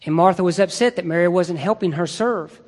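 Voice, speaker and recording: A man's voice: sits high, a little fast. A man preaching a sermon in a conversational, emphatic way, asking his listeners rhetorical questions. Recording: long reverb in a large hall.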